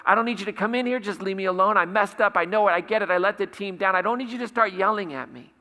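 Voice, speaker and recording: A man voicing a furious young male footballer who shouts in anguish. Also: high voice, fast, pitched above the performer's own voice. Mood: defensive. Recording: reverberant church hall.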